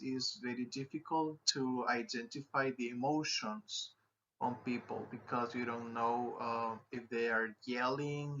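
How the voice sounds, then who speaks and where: A man narrates a grammar lesson at an unhurried pace, his voice bright and forward as he explains each point step by step. The recording is slightly muffled, with a faint noise underneath. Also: mid-range voice. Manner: explanatory, steady teaching delivery. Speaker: English teacher.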